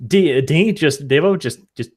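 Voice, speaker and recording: A joking, foul-mouthed man playing a tabletop game. His voice is slightly high and bounces around a lot. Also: lively intonation, unhurried, a little mellow, husky. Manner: swearing, joking. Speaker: player. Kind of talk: casual tabletop play.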